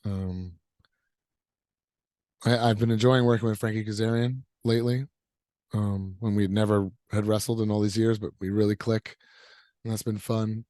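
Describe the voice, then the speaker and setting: A man's voice: lowish voice, steady tone, normal speed, long pauses, dark tone, dry recording, studio quality. A man in his thirties, a wrestler answering interview questions in an upbeat, easygoing way, rambling a little with fillers. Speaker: professional wrestler guest.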